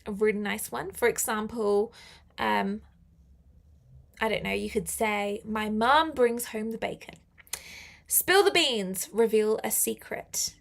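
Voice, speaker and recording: A young woman leads a live English lesson, talking in a chatty, upbeat way and laughing often. Her voice sits a little high, with a gravelly fry at the ends of phrases. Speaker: English teacher.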